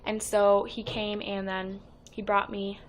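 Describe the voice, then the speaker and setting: A teenage girl telling a casual, excitable vlog story about meeting her favorite performers, quoting everyone with "like". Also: medium pitch, slow pace, slight background noise. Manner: chatty and excitable, quoting others with "like". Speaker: fan vlogger.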